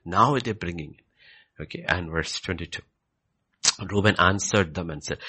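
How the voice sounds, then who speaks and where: A man preaching a sermon and reading scripture aloud, swinging from low murmurs to loud, high emphatic bursts and repeating key phrases to the congregation. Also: moderate pace, pauses often, breathy edge.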